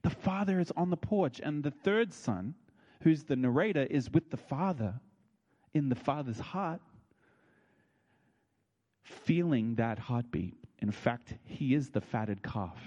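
A man preaching a sermon, telling stories and acting out what people said, with his voice leaping high when excited. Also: measured pace, highs cut off. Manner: animated, leaps high when excited, acts out quotes. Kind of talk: sermon with storytelling.

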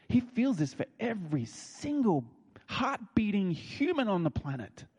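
A man preaching a sermon, telling stories and acting out what people said, with his voice leaping high when excited. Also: normal speed, vocal fry, husky. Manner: animated, leaps high when excited, acts out quotes. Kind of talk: sermon with storytelling.

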